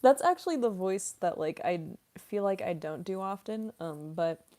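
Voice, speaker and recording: A young woman voice actress casually answering chat questions on a stream, relaxed and rambling with many fillers, snacking as she talks. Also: medium pitch, moderate pace. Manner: relaxed and rambling, many fillers, laughs often, eating while talking.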